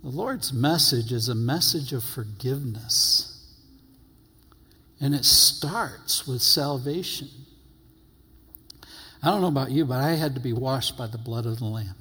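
A man preaching a sermon, reading scripture aloud and stressing his phrases slowly and emphatically. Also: mid-range voice, pushed and bright, breathy edge. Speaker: pastor. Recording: long hall reverb.

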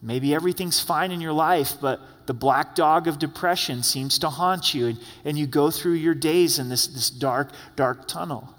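A man's voice: fairly high pitch, moderate pace, few pauses, a bit bright, in a large hall. A man preaching a sermon as pastor in a conversational style, often acting out the words of the people he quotes. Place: church sanctuary.

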